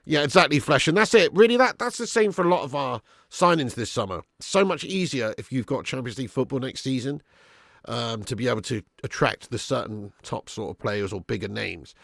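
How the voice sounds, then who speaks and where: A young man hosting a live football watch-along, chatting and thanking viewers by name, with sudden bursts of excitement when chances come. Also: medium pitch, fairly quick, vocal fry, dry recording, studio quality.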